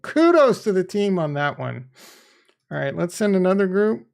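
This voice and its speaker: A man livestreaming a crypto game and chatting to viewers, excitable and rambling, laughing often and swearing casually. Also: sits high, moderate pace, gravelly, clean tone. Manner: rambling, thinks aloud. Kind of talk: live stream commentary.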